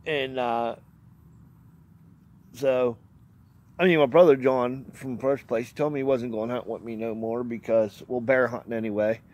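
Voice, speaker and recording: An outdoors vlogger rambles through a hunting story in a folksy, plainspoken way, laughing a lot and cursing mildly now and then. His mid-range voice stays fairly even, a little slow with long pauses and a darkish tone. The audio sounds dull.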